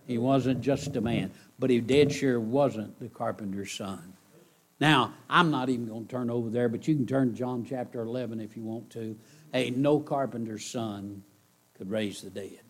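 A man preaching a sermon to a congregation, repeating his key phrases and swinging between loud outbursts and hushed lines. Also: mid-range voice, normal speed, a little hiss or hum. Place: church service.

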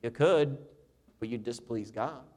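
A middle-aged man preaching a sermon, reading scripture and telling stories with lively, animated delivery. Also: a little slow. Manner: animated storytelling preacher, reads scripture in a lower, steadier voice. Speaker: pastor.

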